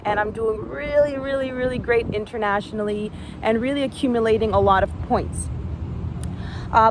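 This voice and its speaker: A woman in her thirties from Canada, a former gymnast, recounting her past candidly and with emotion. Her voice sits slightly high and her speech is full of fillers. Faint background noise is heard behind her. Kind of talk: personal storytelling vlog.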